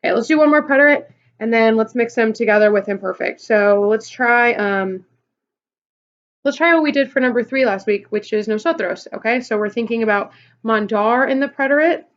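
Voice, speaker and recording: A woman's voice: fairly high pitch, brisk, dull audio. Woman teacher explaining step by step. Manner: patient, step-by-step explaining with frequent "okay" and "um". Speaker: Spanish teacher. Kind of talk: recorded classroom lesson video.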